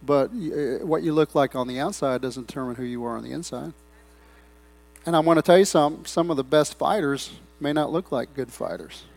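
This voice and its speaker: A middle-aged man preaching a sermon in a church, breaking into loud swells and rambling asides. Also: on the high side, brisk, gravelly. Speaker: pastor. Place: church sanctuary.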